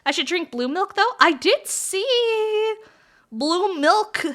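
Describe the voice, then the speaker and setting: A woman's voice: very high-pitched, animated, slow, fairly bright tone. A woman streamer chatting casually with her viewers while building model kits, playful and giggly, with frequent swearing. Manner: giggly, profane, playful banter with chat.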